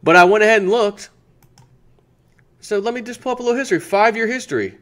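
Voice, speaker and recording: A man's voice: sits high, fast, a bit bright. An American man hosting his own channel, casually chatting through a sponsor segment and thinking aloud with restarts. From United States. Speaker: channel host.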